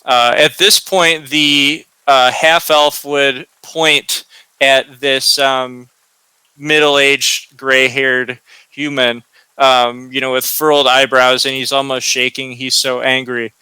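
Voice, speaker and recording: A man's voice: mid-range voice, flat delivery, takes it slowly, pushed and bright, smooth, no room sound, poor audio. A man narrating a tabletop game as game master, hesitant with many fillers.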